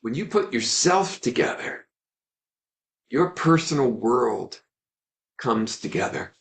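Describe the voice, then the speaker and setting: Man, teacher, webinar talk, animated storytelling, earnest, gravelly, mid-pitched. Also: takes it slowly. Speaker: Ayurvedic teacher.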